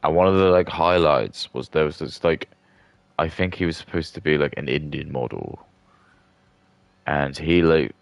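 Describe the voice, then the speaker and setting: A man with an extremely deep voice full of gravelly fry rambles through casual commentary as a streamer. He piles on filler words and starts sentences over. The sound is close and dry, with no room around it. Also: normal speed, no echo, highs cut off. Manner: rambling, heavy use of filler words, trailing restarts.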